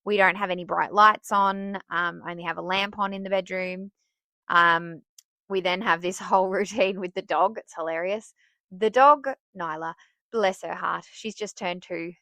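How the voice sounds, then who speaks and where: Chatty woman, podcast host; bright, crisp voice, dry room. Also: lowish voice, moderate pace, no echo. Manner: chatty and self-laughing, with bursts of excitement. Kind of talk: casual advice talk.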